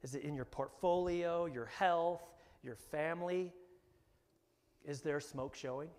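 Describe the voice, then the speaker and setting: A man preaching a sermon as pastor, animated and often rising to emphatic bursts. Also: a little high, a little slow. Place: church hall. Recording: long hall reverb.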